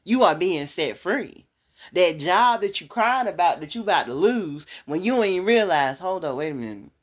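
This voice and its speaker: A woman preaching a motivational sermon, speaking straight to the listener in a conversational way and building to loud, fervent passages. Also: lowish voice, lively intonation, normal speed. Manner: impassioned, rising to loud fervor; conversational, addressing listener directly.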